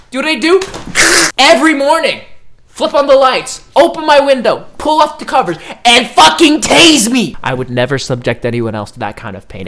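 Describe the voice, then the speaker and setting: A woman's voice: a little high, a bit bright. A woman reacting to a story with casual, joking commentary, full of swearing and goofy asides. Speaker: streamer reacting to her writing.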